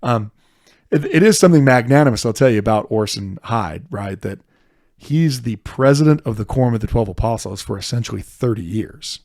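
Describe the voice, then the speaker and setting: A middle-aged man, a podcast co-host, talking through history in an earnest, animated way. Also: medium pitch, brisk, no room sound, clean studio sound. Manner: earnest, animated, frequent restarts. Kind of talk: casual history discussion.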